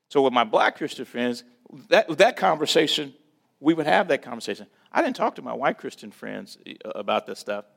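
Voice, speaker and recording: Gravelly man telling a church story. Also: medium pitch, brisk. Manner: animated, acts out quoted voices, swings from loud to hushed. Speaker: speaker giving a church talk. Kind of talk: preaching-style storytelling talk.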